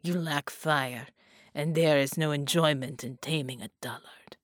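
A woman voicing a sadistic male sorcerer who sneers and mutters in low whispers. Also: fairly even intonation, measured pace, no echo, studio quality. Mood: sneering.

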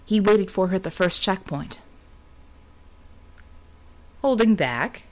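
A woman's voice: mid-range voice, fairly even intonation, brisk, a little mellow. Woman narrating an audiobook. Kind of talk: scripted narration.

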